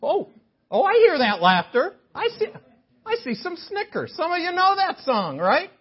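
A man's voice: extremely high pitch, wildly swooping pitch, normal speed, muffled recording. An older man preaching a sermon in a chapel, joking with the congregation. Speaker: guest preacher. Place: chapel sanctuary.

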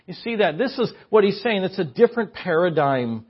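A man's voice: high-pitched, very animated, fairly quick, few pauses, slightly rough. A man preaching a conversational sermon as guest preacher, chatty and given to joking asides. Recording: muffled lo-fi sermon recording.

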